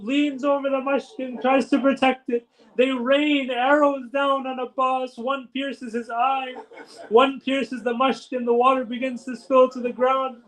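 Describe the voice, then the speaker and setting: A man's voice: very high-pitched, fairly bright tone, rough recording. A male preacher narrating a sacred story in a solemn, emotional sermon.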